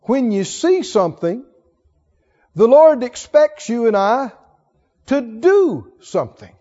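Pastor, male, very high voice, emphatic call-and-response preaching; muffled recording in a big echoing sanctuary. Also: sing-song, slow pace, dark tone. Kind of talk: sermon. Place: church sanctuary. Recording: dull sound with long hall reverb.

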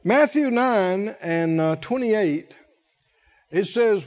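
A man preaching a sermon, emphatic, repeating key words with long pauses. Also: high-pitched, animated, darkish tone, dull audio.

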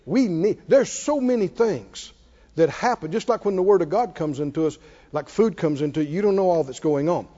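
A male preacher delivering a sermon, exhorting his listeners and breaking into shouted laughter. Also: sits high, animated, normal speed, muffled recording.

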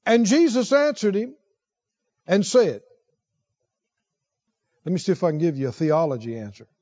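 A man's voice: wildly swooping pitch, darkish tone, highs cut off. A man preaching a sermon, reading scripture and questioning his congregation as he goes. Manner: slow, questions the congregation, rises in pitch when stressing points.

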